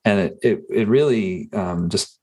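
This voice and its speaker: A man hosting a podcast, talking in a casual, halting way with frequent restarts and fillers. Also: on the low side, warm tone. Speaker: podcast host. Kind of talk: casual interview chat.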